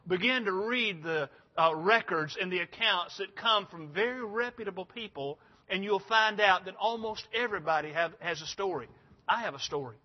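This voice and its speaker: An older man preaching a sermon in a folksy, rambling, emphatic way. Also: sits high. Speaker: pastor. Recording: dull lo-fi sound.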